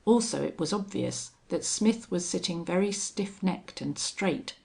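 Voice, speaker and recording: A woman narrating a western novel as an audiobook, with a steady, measured delivery. Her voice has a gravelly fry and she reads slowly. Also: lowish voice.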